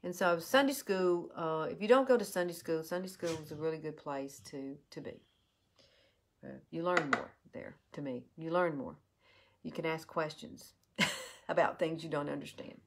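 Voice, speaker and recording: A woman in her fifties with a low voice talks through her makeup routine. She tells a personal story in an earnest, heartfelt way, with halting restarts. Her voice often drops soft at the ends of thoughts. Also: noisy background. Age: 50s. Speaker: beauty vlogger. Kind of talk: personal story told during a makeup tutorial.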